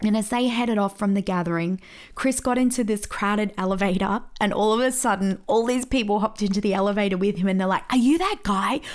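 A woman pastor hosting a podcast, teaching through lively stories and laughing at the tale she tells. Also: medium pitch, fairly quick. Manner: lively storyteller, laughs at her own story.

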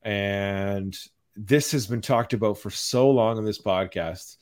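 A man hosting a podcast, delivering a calm, mild-mannered rant in casual chat. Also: on the low side, takes it slowly. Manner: even-toned, mild-mannered ranting. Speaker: podcast host.

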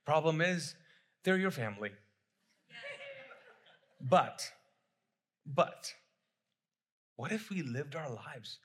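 Husky, bright-voiced middle-aged male pastor. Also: on the high side, animated, takes it slowly, long pauses. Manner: conversational, repeats phrases, asks the congregation questions. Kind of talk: sermon.

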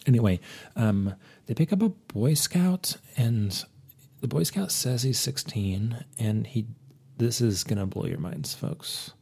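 A man reviewing a movie in a comic, rambling monologue, holding a low, put-on sultry persona voice with many fillers. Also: expressive, unhurried, creaky, a little mellow, breathy edge. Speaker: podcast film reviewer.

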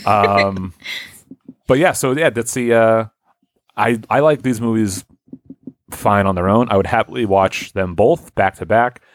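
A man's voice: lowish voice, measured pace, pauses often, no room sound. A man co-hosting a casual podcast chat, with dry, wry humor. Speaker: podcast co-host.

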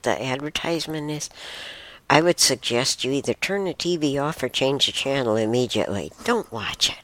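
A low-voiced woman, chatting casually on her own show. Her pitch swings widely as she rambles, giggles and slips into soft whispers, and her tone is bright and a little sharp. The sound is dry and close. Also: dry recording. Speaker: podcast host. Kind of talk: casual solo talk.

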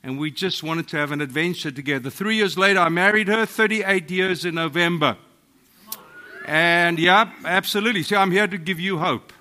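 A man's voice: on the high side, pushed and bright. A man in his sixties with a South African accent, preaching a humorous, self-deprecating sermon in a church. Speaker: guest preacher. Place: church hall.

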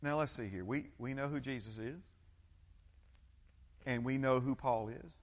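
A man putting on a low, sly demon voice. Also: a little slow, natural voice. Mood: mocking. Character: mocking demon inside a possessed man.

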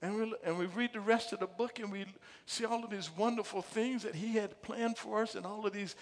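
A man preaching a sermon with fervour, stumbling over repeated words and rising from quiet asides to shouted emphasis. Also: high-pitched, steady tone, brisk. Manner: stammering restarts and repeated words. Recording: long echo of a large hall.

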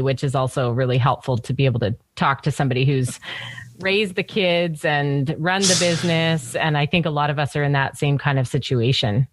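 An enthusiastic woman hosts a podcast with a notably low voice. She sounds middle-aged and chatty. Her speech is close and dry, with no room echo. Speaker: podcast host. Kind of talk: casual interview chat.

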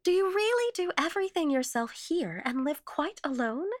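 Woman reads a no-nonsense, cheerful lady for an audio ghost story, pitched up and pushy, with a bright, dry sound. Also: very animated, no room sound. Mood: eager. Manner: brisk and insistent, high and emphatic. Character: brisk, cheerful, practical middle-aged English lady.

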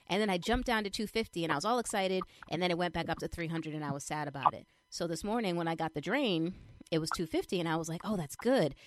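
A young adult woman chatting casually as she shares a personal update, retelling things in an animated way with lots of fillers. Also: lowish voice, fast talker. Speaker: vlogger sharing a personal update. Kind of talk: casual chat.

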